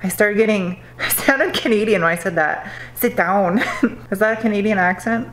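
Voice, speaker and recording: A woman's voice: mid-range voice, moderate pace, fairly bright tone, slight background noise, low-quality recording. A young woman talking casually to camera while working on her car in her garage, chatty and self-mocking. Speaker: car vlogger. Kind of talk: casual vlog talk to camera. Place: home garage and driveway.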